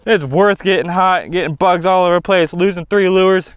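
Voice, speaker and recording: A man filming his own fishing trip outdoors on a lake, talking to himself and exclaiming loudly as things go wrong and right. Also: high voice, fairly quick, hardly any pauses, smooth, no room sound. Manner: excitable, exclaims and shouts often. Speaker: fishing vlogger. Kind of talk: self-filmed fishing vlog.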